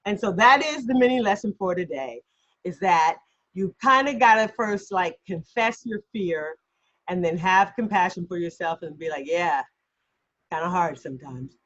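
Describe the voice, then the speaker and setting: A woman acting coach talks through a mini lesson over a video call, chatty and self-deprecating, laughing as she goes. Her voice sits mid-pitch, and the call audio sounds dull and lo-fi. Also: lively intonation, normal speed, fairly bright tone.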